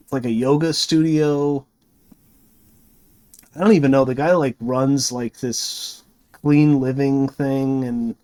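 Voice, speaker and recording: A man's voice: medium pitch, a little mellow, smooth. A man reviewing a movie, retelling the plot in a rambling, casual way full of fillers and restarts.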